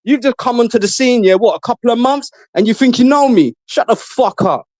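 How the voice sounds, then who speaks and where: High-voiced taunting man. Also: a little fast, darkish tone, no room sound. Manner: taunting, trash-talking, boastful; repeats himself, mocking. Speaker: live stream guest. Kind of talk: casual stream chat.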